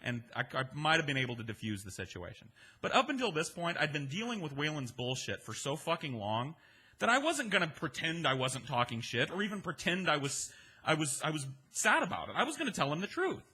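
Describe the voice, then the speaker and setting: A man telling a comedic story in a casual, profane, animated monologue. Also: on the high side, a little fast, breathy edge.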